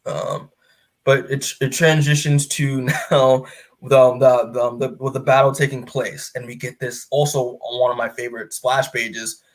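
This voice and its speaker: With a mid-range, level voice, a man co-hosting a comic book podcast gives a casual recap. He rambles with fillers and restarts and tosses in quick quoted lines from the scenes.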